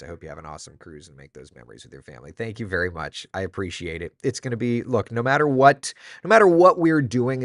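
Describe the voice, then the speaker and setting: A man's voice: on the low side, dry recording, clean studio sound. A man in his thirties hosting a casual morning chat, rambling and joking with lots of restarts. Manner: rambling, restarts a lot, jokey. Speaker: TV meteorologist host. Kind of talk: casual live-stream chat.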